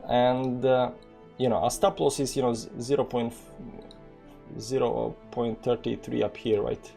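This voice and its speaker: A man's voice: mid-range voice, flat delivery, unhurried, gravelly, warm tone, faint music behind. A man from the former Yugoslavia with a Balkan accent, giving casual live crypto trading commentary in a rambling way, full of fillers and read-out numbers.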